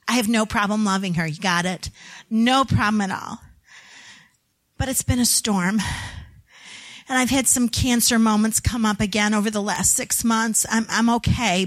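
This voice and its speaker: Woman, middle-aged, high bright voice, earnest storyteller, testimony sermon, prays aloud. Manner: earnest storytelling, voices family members in quotes. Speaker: women's event speaker. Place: indoor gathering of women.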